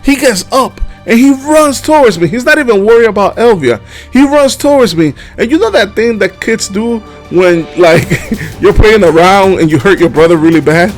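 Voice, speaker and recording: High-voiced man telling a funny story. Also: moderate pace, soft background music. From Dominican Republic. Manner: animated, laughing often, lots of fillers. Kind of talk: comedic storytime narration.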